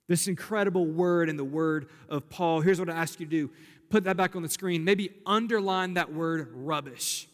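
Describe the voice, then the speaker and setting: A young pastor delivers his sermon with earnest, conversational warmth, circling back on key phrases. His voice sits a little high for a man. The sound carries a long reverb tail, like a large sanctuary. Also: moderate pace. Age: young adult. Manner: earnest, conversational preaching with repetitions. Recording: hall reverb.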